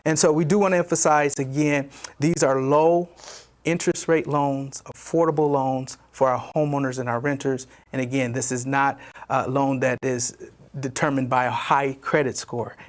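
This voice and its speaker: A man's voice: medium pitch, level tone, normal speed. A man from a disaster loan agency giving an informational briefing, explaining points with frequent fillers and restarts and repeating what he wants to emphasize.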